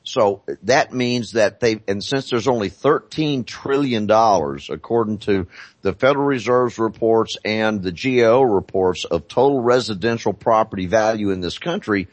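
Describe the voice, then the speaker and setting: Male guest, lowish pitch, dry studio mic, slow insistent explainer. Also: no echo. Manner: deliberate, repeats phrases for emphasis. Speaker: guest on a talk show. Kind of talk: emphatic conversational explanation.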